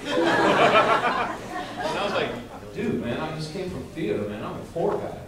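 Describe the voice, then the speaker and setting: A man's voice: high voice, very animated, unhurried, very noisy. Joking man at a convention panel. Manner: playful, self-mocking storyteller. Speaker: panel guest at a fan convention. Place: large convention hall. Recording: echoey hall from far off, loud crowd.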